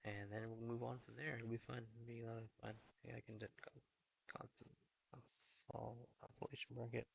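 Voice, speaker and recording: A young man chats casually to stream viewers about his fantasy team. His voice sits low and gravelly with a flat, even tune. He keeps it hushed, half-whispering so as not to carry down the hallway. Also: dry recording. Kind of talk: casual live-stream chat. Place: indoor hallway.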